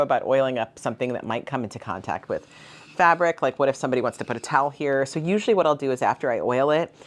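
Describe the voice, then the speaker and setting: A woman chatting through her thrift haul in a bubbly, gushing way, showing off each find. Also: extremely low pitch. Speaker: vintage reseller vlogger. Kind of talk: casual thrift haul show-and-tell.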